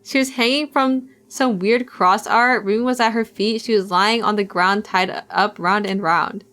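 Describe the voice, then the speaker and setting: A woman's voice: medium pitch, steady tone, unhurried, fairly bright tone. A young woman streamer reading a visual novel aloud, with playful, giggly asides to chat.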